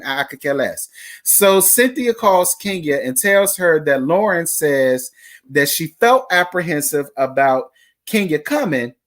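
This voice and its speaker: A host recapping reality TV episodes in casual commentary, blunt and profane, talking straight to the viewers with sudden jumps in pitch and speed. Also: a bit bright. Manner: blunt, profane and opinionated, addressing viewers directly.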